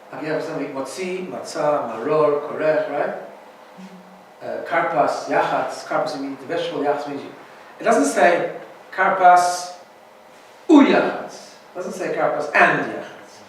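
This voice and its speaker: A man's voice: a little high, a bit bright, very echoey, recorded from a distance, a little hiss or hum, rough recording. A man teaching an informal Torah class as a rabbi, chatty and often checking in with "right?". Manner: chatty, keeps asking "right?".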